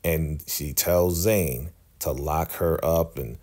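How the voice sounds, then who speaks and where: A man giving a chatty, animated recap of a TV episode. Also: a bass voice, slow pace. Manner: chatty, animated, laughs often. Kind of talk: casual TV recap.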